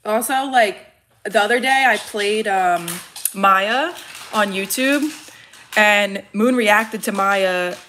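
A woman's voice: medium pitch, takes it slowly, a bit bright, a little hiss or hum. A woman co-hosting a pet vlog, chatting casually to viewers with lots of "like" fillers. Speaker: pet channel co-host.

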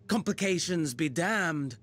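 A man's voice: fairly high pitch, fairly bright tone, exaggerated voice. An actor voicing a scheming male villain in a video game, musing slyly and sometimes dropping to a whisper.

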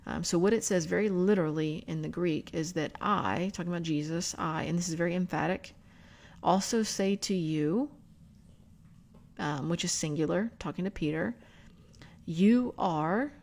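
A woman hosting a book club video, explaining scripture and spelling out words in an unhurried teaching manner. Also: fairly low pitch, creaky, darkish tone. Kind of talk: bible study teaching.

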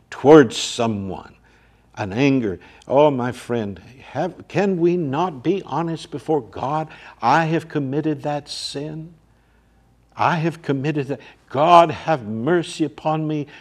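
A man preaching a sermon as pastor in a church, reading scripture aloud with rising force. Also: mid-range voice.

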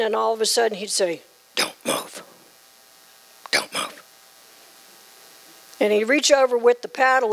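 A woman in her sixties from the southern United States, giving a joking, emphatic keynote speech. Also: a little high. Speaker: keynote speaker. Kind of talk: humorous after-dinner speech.

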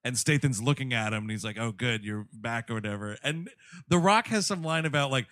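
A man's voice: medium pitch, lively intonation, fast talker, a bit bright, no echo, studio quality. A man co-hosting a comedy movie podcast, emphatic and casual, retelling scenes and saying "dude". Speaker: podcast co-host.

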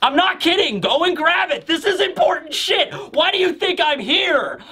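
A man's voice: extremely high pitch, expressive, moderate pace, pushed and bright. A man hosting a manga review who talks in an emphatic, insistent, joking way. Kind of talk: casual commentary video.

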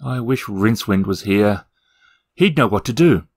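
A man voicing a polite, curious and inquisitive tourist who asks questions and calls out into the dark. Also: lowish voice, expressive, normal speed, breathy edge, no echo, studio quality. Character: curious, polite, wide-eyed adult male tourist.

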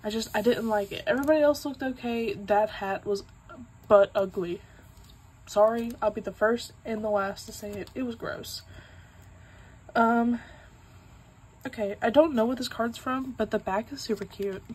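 A woman's voice: fairly high pitch, fairly even intonation, normal speed, pauses often, a little mellow, slightly rough, rough recording. A young woman in her twenties chatting casually while unboxing, rambling and giggling, with many "like"s. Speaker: vlogger.

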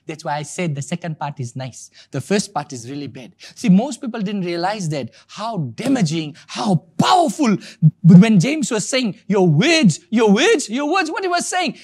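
Male preacher, emphatic and repetitive, with a lively, swinging delivery. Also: high voice, moderate pace, husky. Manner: emphatic and repetitive, stressing key words. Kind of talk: sermon.

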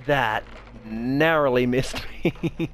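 A man's voice: mid-range voice, very slow, fairly bright tone, a little hiss or hum. A man giving foul-mouthed gameplay commentary, jumpy and cursing constantly. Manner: swears constantly, jumpy, shrieks when startled. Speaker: let's player.

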